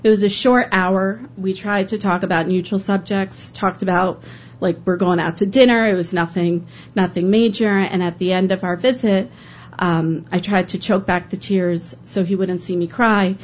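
A woman's voice: medium pitch, fairly even intonation, normal speed, lo-fi sound, a little hiss or hum. A woman who works as a public defender telling an emotional first-person story to an audience, acting out what others said along the way. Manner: earnest, emotional, quoting others in dialogue.

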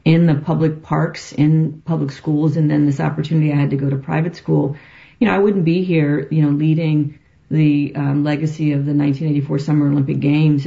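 Gravelly-voiced woman radio guest. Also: low voice, dark tone, lo-fi sound. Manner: earnest, many ums and you-knows. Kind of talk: radio interview.

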